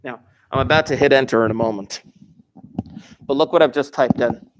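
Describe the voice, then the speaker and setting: A middle-aged male math teacher recording a lesson, talking students through each step in a playful, animated way. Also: mid-range voice, fairly quick, noisy background.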